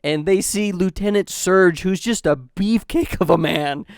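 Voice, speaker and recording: Smooth-voiced man, laid-back recap. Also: high voice, measured pace, no room sound, studio quality. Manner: laid-back, swears casually while summarizing. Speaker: podcast co-host. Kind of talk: casual recap chat.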